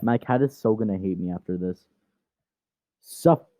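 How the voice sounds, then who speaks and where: In a home room, a man hosting his channel casually narrates a story but keeps getting distracted, swearing at and teasing his cat. His voice is low and dark in tone, he talks fast, and the recording is dry with a tinny, phone-like sound.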